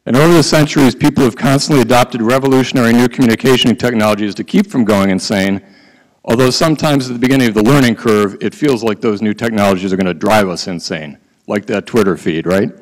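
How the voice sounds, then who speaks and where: A middle-aged man speaking to a conference audience from notes. His voice sits at an ordinary pitch and carries a long reverb from the hall. At times he slips into quick, rhythmic auctioneer-style patter. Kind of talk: prepared conference talk.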